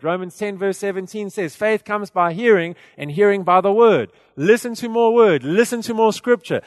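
High-voiced man preaching in a hall. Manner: energetic, conversational preaching with frequent fillers and restarts. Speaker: pastor. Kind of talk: sermon.

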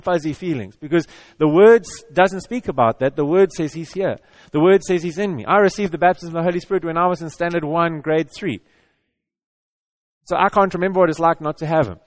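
This middle-aged pastor delivers his sermon earnestly and conversationally, his male voice pitched slightly high. Often he trips over a phrase, repeats himself, and then carries on.

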